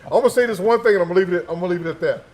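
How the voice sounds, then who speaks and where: A middle-aged man with a folksy, joking way of talking, circling back on his own phrases. He was once an army sniper instructor. His voice sits slightly high for a man. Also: rapid-fire, darkish tone. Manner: folksy, repeats phrases, teasing. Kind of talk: casual interview chat. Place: indoor gun shop event space.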